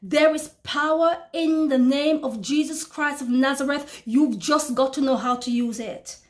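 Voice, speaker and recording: A woman's voice: sits high, a little slow. A woman preacher giving a fervent testimony sermon, repeating phrases and calling out to her listeners. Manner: fervent, repeats phrases, addresses brothers and sisters.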